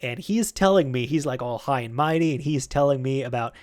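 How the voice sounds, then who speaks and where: A man's voice: medium pitch, a little fast, a little mellow. A man hosting a vlog, telling a work story in a chatty, rambling way with many fillers. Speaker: YouTube host.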